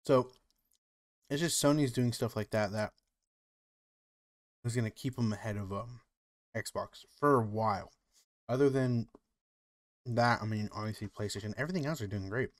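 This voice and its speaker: A man's voice: on the low side, normal speed, pauses often, no echo, studio quality. Rambling man in casual chat. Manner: rambling, heavy use of "like" and "you know". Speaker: podcast co-host.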